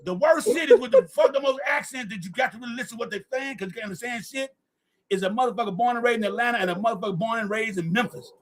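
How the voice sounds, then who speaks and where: High-voiced, fast, profane man. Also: expressive. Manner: profane, storytelling, frequent fillers. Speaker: podcast host. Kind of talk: casual group chat.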